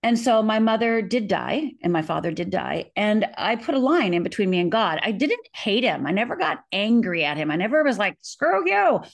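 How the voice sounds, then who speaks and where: A middle-aged woman from Upper Michigan, USA, speaks as an author being interviewed, earnestly and vividly retelling her past and acting out the quotes. Her voice is medium in pitch, expressive and creaky, and she talks a little fast with hardly any pauses.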